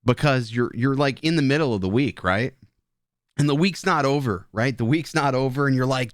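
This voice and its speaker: A man's voice: medium pitch, moderate pace, no echo. Joking, swearing man, dry close sound. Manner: rambling, joking, profane banter with chat; drinking beer while talking. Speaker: live stream host. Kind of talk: casual live stream chat.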